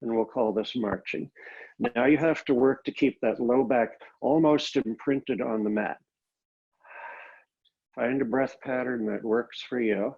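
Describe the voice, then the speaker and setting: A man teaching a Pilates class, calmly cueing each step of the exercises, recorded on a laptop microphone. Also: medium pitch, measured pace, creaky, breathy edge, muffled recording. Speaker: Pilates instructor. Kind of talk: guided exercise class instruction.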